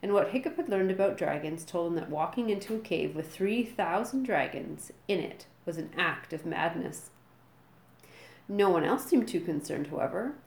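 A woman reading a children's storybook aloud with lively, dramatic delivery. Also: on the low side, moderate pace, vocal fry, reverberant.

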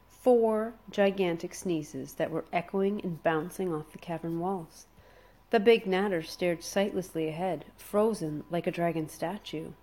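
Woman narrating a kids book, lowish voice, dramatic pauses. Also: darkish tone. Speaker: storyteller. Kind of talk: expressive storybook read-aloud.

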